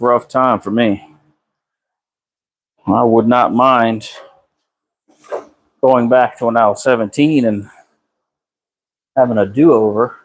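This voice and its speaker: Relaxed man chatting in his garage. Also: medium pitch, rough recording. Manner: relaxed, drawling, swears freely, answers chat by name. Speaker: car builder live-streaming a transmission repair. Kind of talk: casual live-stream chat with viewers. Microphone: phone camera.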